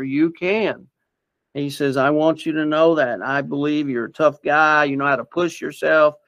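A man's voice: mid-range voice, fairly bright tone, dry recording, dull audio. A man earnestly telling a personal story in a rambling, casual way. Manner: earnest, rambling, with many fillers and restarts. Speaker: interviewee sharing personal story.

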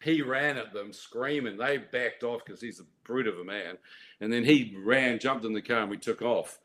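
Older guy spinning a wild story, lots of restarts, mid pitched voice. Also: moderate pace, a bit bright. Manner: vivid, dramatic, frequent restarts and laughs. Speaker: guest telling his testimony. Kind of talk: animated storytelling.

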